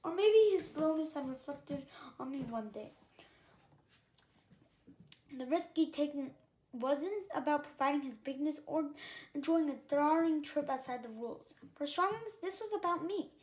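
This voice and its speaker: A woman's voice: high-pitched, lively intonation, unhurried, darkish tone. A woman reading a novel aloud in the first person, telling the story as the main character. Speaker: reader.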